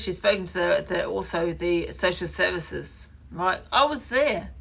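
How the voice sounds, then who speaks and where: A woman's voice: on the low side, animated, unhurried, vocal fry, a bit bright, husky. A woman ranting angrily on a live stream, swearing and repeating accusations. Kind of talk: heated live-stream rant.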